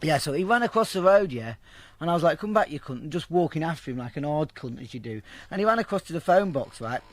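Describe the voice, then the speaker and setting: A man's voice: fairly high pitch, expressive, fast. A man telling a rambling, profane story in a casual interview, acting out the voices of the people in it. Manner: rambling, heavily profane, acts out quoted voices.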